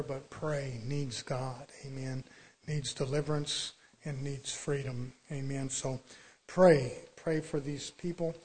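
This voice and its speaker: A man's voice: fairly high pitch, a little hiss or hum, poor audio. Fervent folksy preacher, man. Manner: fervent, swings from quiet asides to loud exhortation; folksy, colloquial storytelling. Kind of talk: sermon.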